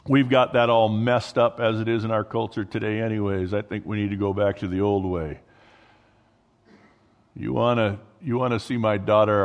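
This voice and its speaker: Male pastor, unhurried sermon delivery, casual asides to the congregation, long hall echo. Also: lowish voice, dull audio. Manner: conversational, joking asides, restarts mid-thought.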